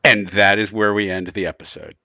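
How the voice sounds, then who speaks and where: A man narrating a tabletop vampire game as game master, relaxed and loose with fillers. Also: on the low side, brisk, no echo, dull audio.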